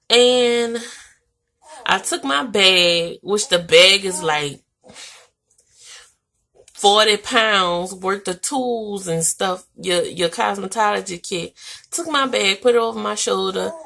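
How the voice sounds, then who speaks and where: Chatty young woman with a gravelly edge. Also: medium pitch. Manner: animated, chatty, with "like" and "y'all" fillers. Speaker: vlogger. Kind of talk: casual storytelling to camera.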